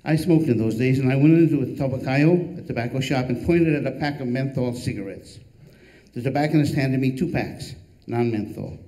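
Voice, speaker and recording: An older man, an author, reading a humorous memoir aloud with a dry, wry delivery and deadpan punchlines. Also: mid-range voice, a little fast, poor audio.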